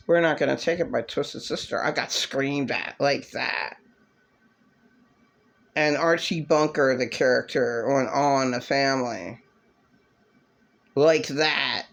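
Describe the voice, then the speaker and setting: Woman, angry personal rant, slow-paced, bitter, swearing. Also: vocal fry, fairly bright tone. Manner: bitter, swearing, mocking imitations in a shrill voice. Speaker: vlogger.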